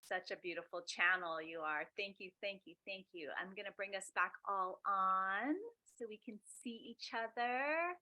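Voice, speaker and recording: A woman hosts an online speaker series over a video call, her voice bright and ringing. She cheers her guests on with effusive praise, then slows into a soft, guiding tone to lead everyone through a body exercise. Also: medium pitch, no echo, low-quality recording. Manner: warm, effusive, softly guiding. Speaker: host. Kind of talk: guided embodiment exercise and hosting a video call.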